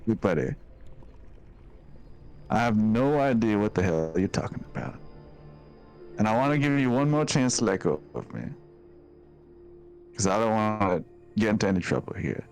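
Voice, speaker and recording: Man as a wary amnesiac tough guy; low, lively, defensive. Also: normal speed, long pauses, faint music behind. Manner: gruff, streetwise, mildly profane. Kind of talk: tabletop role-play.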